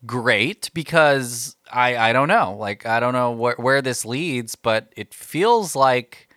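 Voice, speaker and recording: A man co-hosting a casual chat, talking in halting bursts with many restarts and eager enthusiasm. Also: medium pitch, expressive, pushed and bright, no echo, clean studio sound. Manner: halting, restarts often, enthusiastic fan talk. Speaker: podcast co-host.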